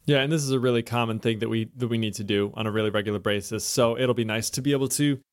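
American man, mid-pitched voice, dry close mic, chatty enthusiastic podcast host. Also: fast talker, smooth, no echo. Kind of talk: casual tech podcast chat.

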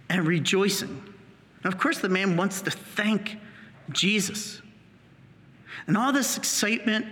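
Bright-voiced priest preaching in a reverberant hall. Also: male voice, high-pitched. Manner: animated storytelling, acting out the healed man's voice. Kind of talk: sermon.

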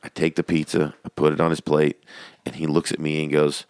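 A man's voice: very deep voice, a little fast, clean tone. A man in his thirties, a comedian, telling family stories in casual podcast chat and swearing casually. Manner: animated storyteller, swears casually.

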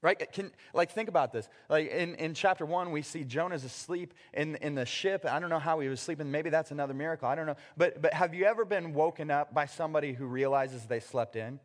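A man's voice: fairly high pitch, fairly quick, hardly any pauses. Man preaching in an echoing hall. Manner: conversational, acts out scenes with sudden loud bursts. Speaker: pastor. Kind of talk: sermon.

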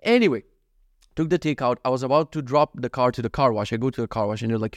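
Fast-talking and mid-range, the young man behind this solo podcast meanders through crude, comic stories. It's a casual monologue with clean studio audio and no room sound.

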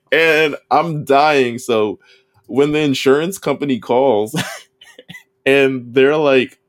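A podcast co-host recaps an anime episode in casual conversation, acting out the characters' lines and laughing often. His mid-range voice draws out words and leaves long pauses.

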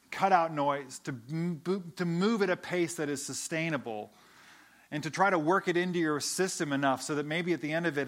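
A man's voice: mid-range voice, fairly bright tone. A man, a pastor, giving a conversational, earnest sermon, often restarting and repeating words as he speaks.

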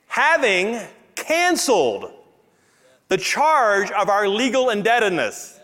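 A man with a Louisiana accent preaching a sermon as pastor, animated and emphatic, stretching out key words. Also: high-pitched, unhurried. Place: church auditorium with congregation. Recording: long hall reverb in a church.

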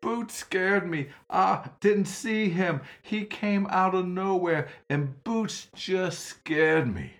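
A man voicing a timid little boy who cries and panics easily, in a high whimpering voice. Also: slow, hardly any pauses, a bit bright, heavily acted. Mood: frightened.

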